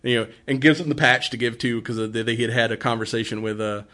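A man's voice: medium pitch, steady tone, fast, pushed and bright. A man in casual conversation, animatedly retelling movie scenes, acting out quotes and laughing often.

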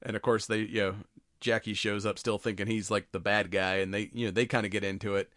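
A man co-hosting a podcast, retelling a movie scene by scene in casual chat, animated and laughing often. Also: lowish voice, a little fast, no echo, studio quality. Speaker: podcast co-host.

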